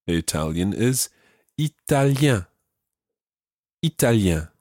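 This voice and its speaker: A man teaching a podcast language lesson, patiently repeating phrases slowly and clearly. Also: on the low side, big pitch swings, darkish tone, dry recording, clean studio sound.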